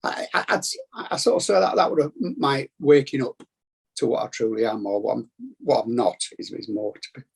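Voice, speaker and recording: A man's voice: medium pitch, expressive, fairly quick, gravelly, darkish tone, breathy edge. A man with a Bradford Yorkshire accent, sharing his experience in an earnest, rambling, reflective way on a video call. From England. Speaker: meeting participant. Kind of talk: casual sharing.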